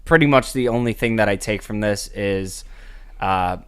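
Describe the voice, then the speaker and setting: Smooth-voiced, laid-back man. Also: lowish voice, moderate pace. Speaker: podcast co-host. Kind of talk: casual chat.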